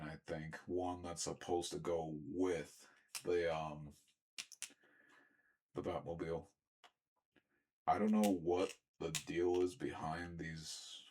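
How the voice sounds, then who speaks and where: A young man with a very deep voice talks through a toy unboxing in a loose, rambling way. He keeps stopping to clear his throat and tacks on asides as he goes. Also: darkish tone, a little hiss or hum. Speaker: toy reviewer. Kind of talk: casual unboxing review.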